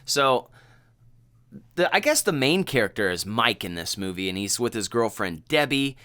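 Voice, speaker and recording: A man co-hosting a podcast, retelling a film in animated, casual chat full of fillers. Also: mid-range voice, normal speed, clean tone. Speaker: podcast co-host.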